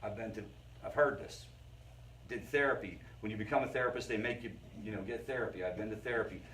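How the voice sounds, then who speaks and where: A man's voice: on the low side, fast, a bit bright, slight background noise. A middle-aged man, a therapist, giving an informal, conversational lecture to a family recovery group and checking in with his listeners. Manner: conversational, keeps checking in with the audience. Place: meeting room with a group. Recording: voice picked up from a distance.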